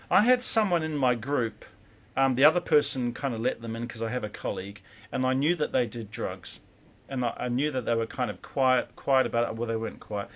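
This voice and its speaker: A man speaking as a spiritual teacher, talking through advice in a loose, earnest monologue. He rambles, restarts his sentences and leans on fillers, his voice sitting at an ordinary middle pitch. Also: fairly bright tone.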